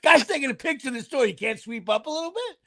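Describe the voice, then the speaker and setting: A middle-aged man hosts a podcast in a very high-pitched, very animated, slightly bright voice, talking fast. His chat is casual, comedic, and profane, with stammering repeats.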